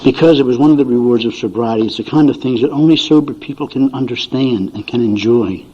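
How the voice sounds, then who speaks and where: At a recovery meeting, an older man tells folksy stories to an audience, chuckling and acting out his family members' voices. His mid-range voice is quick and dark-toned, captured in a dull lo-fi recording.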